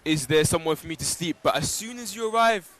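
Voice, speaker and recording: A man's voice: a little high, expressive, fast talker, fairly bright tone. A man being interviewed outdoors on a pilgrimage walk, telling personal stories in a reflective way with plenty of fillers. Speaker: interview guest. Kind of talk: live outdoor broadcast interview.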